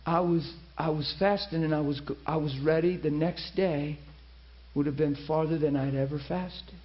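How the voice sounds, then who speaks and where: High-voiced emphatic preacher man, lo-fi. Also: moderate pace. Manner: animated and emphatic, swings between loud and hushed. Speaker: preacher teaching a class. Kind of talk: personal testimony in a sermon. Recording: dull lo-fi recording.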